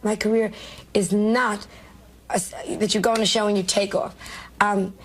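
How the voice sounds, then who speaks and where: A woman's voice: mid-range voice, flat delivery, moderate pace. An older woman with a New York accent, a comedian telling brash, self-mocking stories in an interview. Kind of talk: candid interview storytelling.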